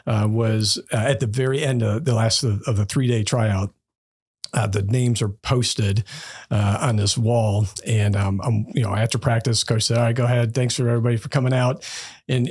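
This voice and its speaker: A man in his fifties from Northeast Ohio, a bank executive guest on a podcast, telling stories from his life in a relaxed, conversational way with plenty of fillers, acting out the people he quotes. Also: fairly low pitch, husky. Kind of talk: casual storytelling interview.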